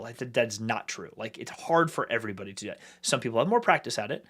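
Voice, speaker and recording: A man co-hosting a podcast, talking in a casual, animated way, thinking aloud with many restarts. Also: mid-range voice, fast talker, husky. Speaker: podcast co-host. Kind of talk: casual discussion.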